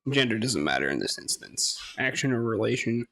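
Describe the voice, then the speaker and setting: A man's voice: medium pitch, very animated, brisk, vocal fry, sharp tone, no echo, clean studio sound. A man casually talking through a game, hesitant and rambling, laughing often and swearing now and then. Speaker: gaming streamer. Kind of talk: casual gameplay commentary.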